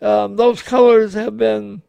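A man co-hosting a radio show, talking casually in a slow, halting way with many pauses. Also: sits high, little pitch movement, gravelly, warm tone, smooth, no room sound, highs cut off. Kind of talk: casual on-air chat.

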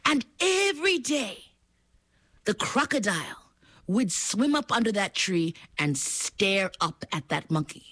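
Animated, playful woman storyteller. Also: medium pitch, measured pace. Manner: animated and playful, with sound effects. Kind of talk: oral storytelling performance.

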